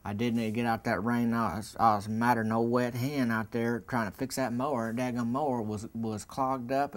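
A man with a Southern US accent tells a rambling comic story in a folksy way, full of colorful sayings. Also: fairly low pitch. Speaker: comedian in character as a lawn-mowing man.

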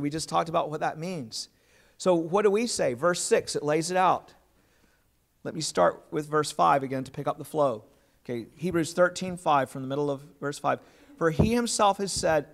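A man's voice: on the high side, creaky. A man preaching a sermon as pastor, earnest and plain, putting questions to his congregation.

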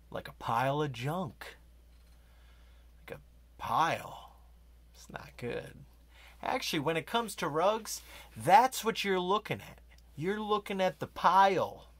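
Comic man as a pompous rug expert, unhurried delivery with savoring hushed asides and a dry close sound. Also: a little high, no echo. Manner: over-earnest self-proclaimed expert. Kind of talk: deadpan comedy monologue.

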